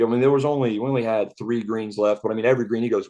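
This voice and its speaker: A man's voice: medium pitch, little pitch movement, rapid-fire, mellow, highs cut off. A young man, a golf caddy, telling a story on a casual podcast, acting out the dialogue and laughing often.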